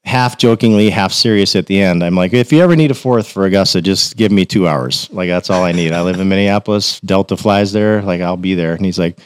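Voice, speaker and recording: Podcast guest, man, lower register, animated storyteller, dry close mic. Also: fairly quick, few pauses, clean tone, dry recording. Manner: animated, acts out quotes in a raised voice. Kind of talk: casual storytelling.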